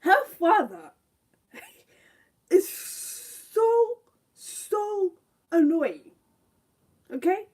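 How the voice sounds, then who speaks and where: Young woman ranting about a tv show, high voice but mellow, slow and exasperated. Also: very animated. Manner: indignant, exasperated, repeats rhetorical questions. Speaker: TV show reviewer. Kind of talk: live review rant.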